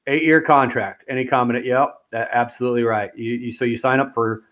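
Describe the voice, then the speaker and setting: Easygoing male co-host, mid-pitched, casual, tinny phone-like sound. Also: steady tone, fairly quick. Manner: easygoing, explains at length with restarts. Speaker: co-host, military veteran. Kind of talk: casual chat.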